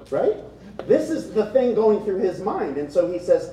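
A man preaching a sermon to a congregation, conversational and animated, often asking the room rhetorical questions. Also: sits high, moderate pace, a little hiss or hum. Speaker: pastor. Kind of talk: expository sermon. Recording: very echoey room, speaker distant from mic.

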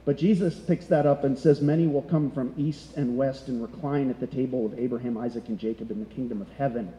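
A man's voice: mid-range voice, fairly quick, dark tone, slight background noise. A middle-aged man preaching a sermon as pastor, conversational and full of rhetorical questions. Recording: echoey hall.

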